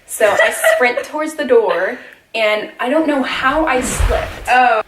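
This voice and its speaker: A woman's voice: high voice, takes it slowly, noisy background. A young woman vlogger casually telling a funny story, giggling and acting out what people said. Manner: giggly, animated retelling with quoted voices. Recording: echoey room, mic at a distance.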